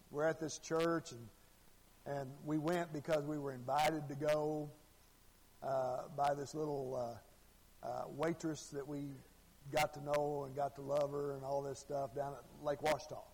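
High-voiced preacher in a hall. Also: male voice, darkish tone. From Arkansas. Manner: folksy storytelling, repeats phrases. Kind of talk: sermon. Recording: long hall reverb.

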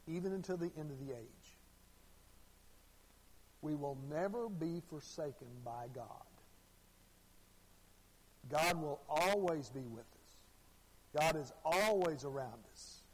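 Male preacher, high voice, folksy and repetitive, reverberant church hall. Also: slightly rough. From Arkansas. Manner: folksy storytelling, repeats phrases. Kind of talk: sermon.

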